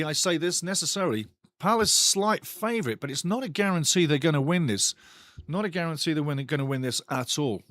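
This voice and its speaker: A man's voice: a little high, a bit bright, dry recording, clean studio sound. Chatty man hosting a football watch-along. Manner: rambling, chatty, addresses viewers directly. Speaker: host.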